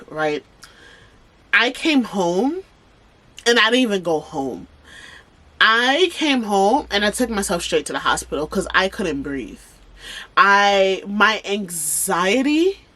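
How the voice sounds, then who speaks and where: Bright-voiced woman telling a candid story. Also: medium pitch. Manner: emphatic and animated, addressing viewers directly. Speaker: vlogger. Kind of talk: candid personal storytelling to camera.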